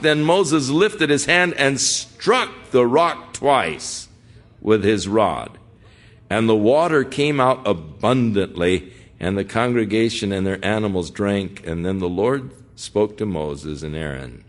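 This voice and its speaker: Older pastor teaching with lively pitch. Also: male voice, unhurried. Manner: earnest, conversational, asks the listeners direct questions. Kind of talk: expository Bible teaching.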